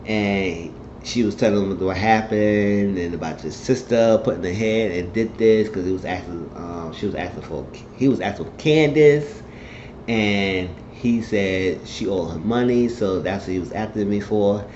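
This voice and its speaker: A man's voice: fairly low pitch, moderate pace, darkish tone, a little hiss or hum. A man casually recapping a TV episode, rambling through the plot and acting out the characters' lines in shifting voices. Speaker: TV show reviewer. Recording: dull, echoey room recording.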